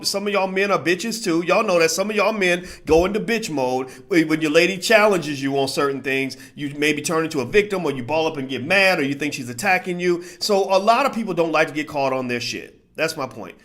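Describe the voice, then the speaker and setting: A man's voice: fairly high pitch, fairly quick, hardly any pauses. A man talking casually to a live chat in commentary, repeating phrases and using lots of fillers. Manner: grows more animated and louder as he goes. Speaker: livestream commentator.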